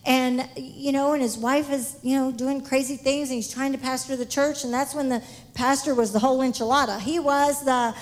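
A woman giving an exuberant missionary testimony in church, shouting praise and laughing often. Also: high voice, steady tone, normal speed.

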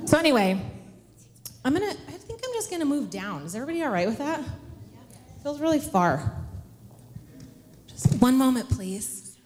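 A woman's voice: sits high, sing-song, fairly quick, long pauses. A woman in her thirties teaching a church class, telling funny family stories in a chatty, self-deprecating way and asking her audience questions into a handheld mic. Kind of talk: casual storytelling talk to a church class. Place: large hall with an audience. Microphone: handheld microphone. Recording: long hall reverb.

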